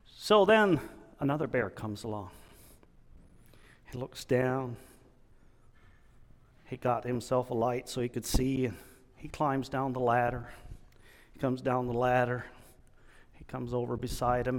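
A man preaching a sermon in an earnest, halting way, restarting his sentences often. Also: medium pitch, big-room sound.

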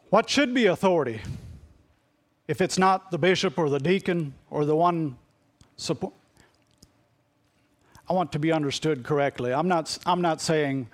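A middle-aged man preaching, his voice sitting a little higher than most men's. He speaks earnestly and shares a personal confession, circling back over phrases as he searches for the words. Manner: earnest, confessional, repeats himself as he reaches for words. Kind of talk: sermon.

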